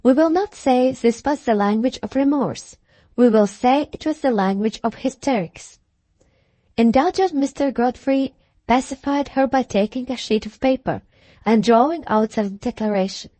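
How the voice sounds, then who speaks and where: High-voiced woman narrating an audiobook. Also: no echo. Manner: measured, expressive first-person narration. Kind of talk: audiobook reading of a classic novel.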